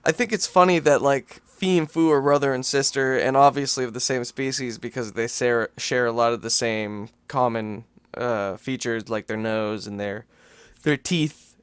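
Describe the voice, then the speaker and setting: A young man co-hosting a podcast in casual chat, retelling cartoon scenes with animated energy. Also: normal speed, smooth, no echo. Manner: animated retelling, jumps into squeaky character voices. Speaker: podcast co-host.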